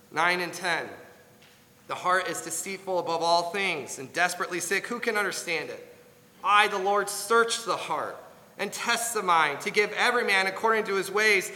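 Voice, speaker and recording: Guy preaching in a church hall, earnest and pleading, slows way down on the big words, reverb trailing. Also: high voice, bright, forceful tone. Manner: earnest, pleading, with slow emphatic stresses. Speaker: pastor. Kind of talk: sermon.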